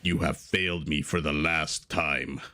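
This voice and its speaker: A man putting on a slow, grave impression of a menacing male villain. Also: steady tone, pushed and bright, full character voice. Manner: slow, grave, lowered delivery.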